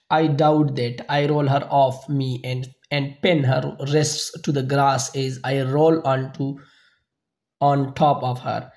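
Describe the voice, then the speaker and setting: A man narrating a novel in the first person as an audiobook reader, halting at times with small slips and restarts. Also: medium pitch, level tone, a little mellow.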